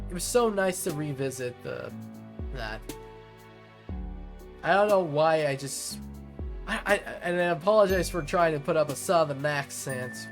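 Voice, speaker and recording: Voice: mid-range voice, animated, a little slow, pauses often, soft background music. A let's-play host reading a visual novel aloud and chatting about it in a rambling way with lots of fillers and restarts.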